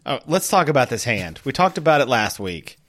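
A man co-hosting a podcast, chatting casually, laughing often and tossing in quick asides. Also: mid-range voice, sing-song, a bit bright. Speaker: podcast co-host. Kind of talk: casual chat.

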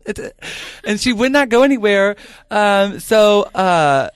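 A man's voice: a little fast, clear, resonant tone, no echo. Chatty man, dry close sound. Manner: chatty storyteller, bursts of high excitement in retold quotes. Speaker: podcast co-host, drag performer. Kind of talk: casual chat.

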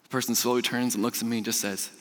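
A young man preaching a casual, storytelling sermon as a youth pastor, chatty and animated, laughing often and stumbling over repeated words. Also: mid-range voice, very fast. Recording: long hall reverb.

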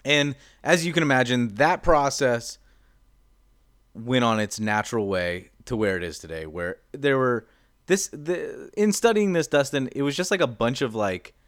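A man's voice: mid-range voice, animated, moderate pace, a bit bright, dry recording, studio quality. A young man in casual chat as podcast cohost, explaining with lots of fillers and restarts. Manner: rambling explainer, many fillers.

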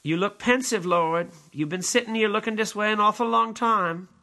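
Man voicing a worried, pleading male angel in a stage play, high and bright. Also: normal speed. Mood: anxious.

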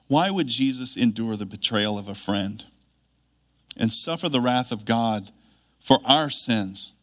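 A man delivers a sermon in an earnest, measured voice of middle pitch. He leans on key phrases with emphatic rises and reads scripture aloud. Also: animated. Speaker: preacher.

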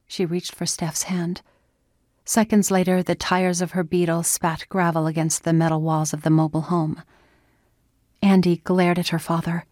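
A woman reading an audiobook in steady, scripted narration. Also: lowish voice, a little slow, no room sound, clean studio sound.

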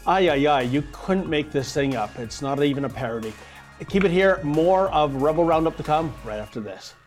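A man hosting a political talk show in a somewhat high voice. He sounds indignant and mocking as he tees up questions and wraps up the segment. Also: lively intonation, moderate pace, soft background music. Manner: indignant and sarcastic. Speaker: host.

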